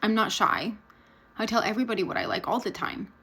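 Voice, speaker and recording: A woman's voice: mid-range voice, animated, fairly quick, a bit bright, breathy edge, rough recording. A woman vlogger chatting candidly and bluntly as she tells a personal story, laughing now and then. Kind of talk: casual storytelling to camera.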